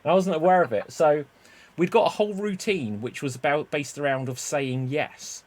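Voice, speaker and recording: A man's voice: on the high side, moderate pace. Chatty man with "like" fillers. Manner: animated storyteller, lots of "like" and restarts. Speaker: podcast host. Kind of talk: casual podcast chat.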